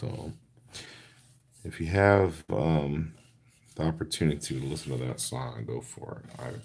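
A man's voice: rumbling low, expressive, unhurried, creaky, a little mellow, slightly rough. A man hosting a card-making livestream, chatting casually while he works and answering viewer comments by name. He is earnest and gushing, and he talks through each step as he does it. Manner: talks through his hands-on steps.

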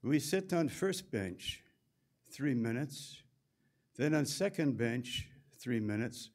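A man's voice: mid-range voice, expressive, slow pace, darkish tone. A man voicing a Swiss technician who lists sauna rules in clipped, broken English with a put-on Swiss accent. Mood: instructive. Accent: Swiss German.

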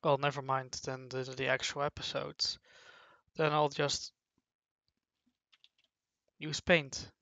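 Commentator, halting and playful, very slow and gravelly; dull dry lo-fi mic. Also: medium pitch, level tone, sharp tone, no echo. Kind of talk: casual commentary while drawing.

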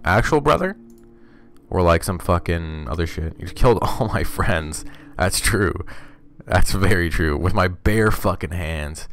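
A man's voice: low-pitched, animated, a little slow, a bit bright, slight background noise. A man streaming a video game, chatting casually with loose, profane, wry asides as he plays. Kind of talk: casual let's-play commentary.

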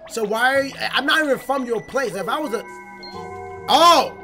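A woman doing casual, jokey commentary while playing a video game, rambling and excitable. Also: high voice, normal speed, loud music behind the voice. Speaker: let's play host.

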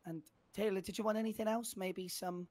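A speaker playing a brisk, exasperated waiter in casual role-play banter. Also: mid-range voice, fairly even intonation, darkish tone. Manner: brisk, exasperated service talk.

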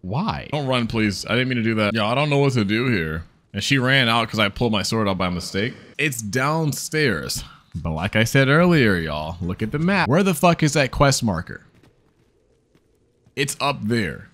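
A man riffs over his gameplay in casual, profane commentary. He jokes, laughs often and talks right to his audience. His voice swings widely in pitch. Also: lively intonation, moderate pace, fairly bright tone, dry recording. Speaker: gaming video creator.

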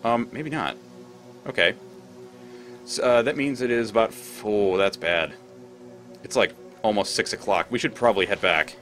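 A man's voice: lowish voice, moderate pace, long pauses, a bit bright, soft background music. A man commentating his gameplay, rambling, thinking aloud and swearing freely. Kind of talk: let's play commentary.

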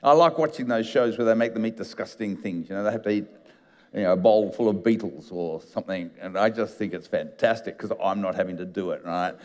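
A man's voice: lowish voice, fairly quick. Man preaching a conversational sermon in a reverberant hall. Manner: conversational storytelling, animated retelling. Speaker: pastor. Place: church auditorium.

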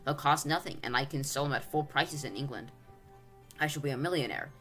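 A pompous, greedy old uncle in his sixties, gloating over his schemes, as a reader puts him on. Storybook read-aloud, voice lifted a little above the reader's own. Soft music plays faintly underneath. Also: medium pitch, a little fast, natural voice. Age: 60s. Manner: blustering, gloating, self-important. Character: excitable greedy old English uncle, male.

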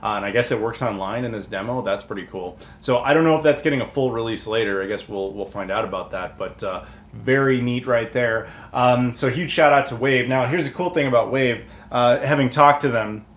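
American male host, mid-pitched, talkative collector unboxing on camera, roomy sound. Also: a little fast, fairly bright tone. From United States. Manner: chatty and rambling, with many fillers. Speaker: video game collector YouTuber. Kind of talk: casual unboxing talk to camera.

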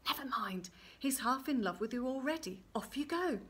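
A woman's voice: fairly high pitch, lively intonation, a little slow. A woman voicing a cunning, fond old weaver father, eager and coaxing.

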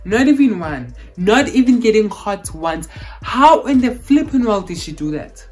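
Gushing South African woman, slow-spoken. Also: fairly high pitch, dark tone, rough recording. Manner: effusive, gushing, repeats exclamations. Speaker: vlogger reacting to a film. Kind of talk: casual reaction vlog.

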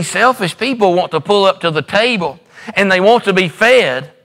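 A man's voice: high voice, pushed and bright, in a large hall. A middle-aged man preaching a sermon in a church, using emphatic repetition and folksy storytelling. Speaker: pastor. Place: church sanctuary.

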